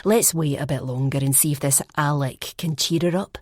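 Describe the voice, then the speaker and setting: Brief: woman reading gossipy young woman student, low confiding tone, dry sound. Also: moderate pace, no echo. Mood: serious. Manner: confiding, hushed at times.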